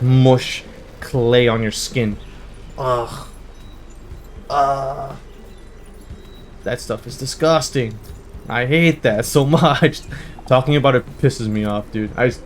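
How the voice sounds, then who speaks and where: A man's voice: mid-range voice, a little hiss or hum. Rambling young man telling stories over gameplay. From United States. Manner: rambling, animated storytelling with laughs and profanity. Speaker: gaming channel host. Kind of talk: casual let's-play chat with war stories.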